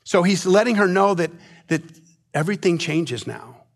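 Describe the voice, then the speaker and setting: A man pastor giving a conversational sermon, often restarting his sentences and dropping soft and low at tender moments. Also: lively intonation, normal speed, creaky.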